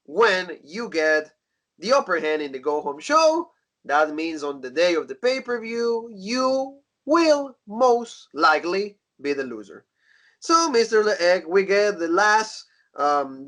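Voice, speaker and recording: A man with a somewhat high-pitched voice co-hosts a casual podcast. He recaps events in an easygoing way, with plenty of filler. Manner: relaxed recapping with fillers like "you know". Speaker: wrestling podcast co-host.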